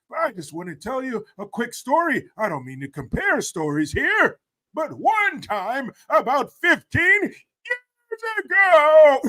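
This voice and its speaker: A man doing an impression of a rambling, confused elderly male head of state who loses his train of thought and bursts into shouts. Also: very high voice, pitched above the performer's own voice, full character voice.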